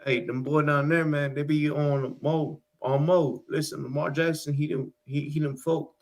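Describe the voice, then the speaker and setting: Man doing a Baltimore street guy, slurred slang, low-key, a bit quiet. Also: little pitch movement, normal speed, close to an everyday voice. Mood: swaggering.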